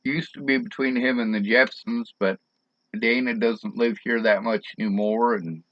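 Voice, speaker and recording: A man's voice: medium pitch, fairly even intonation, normal speed. A man in casual conversation, talking in a plainspoken, reflective way. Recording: dull lo-fi sound.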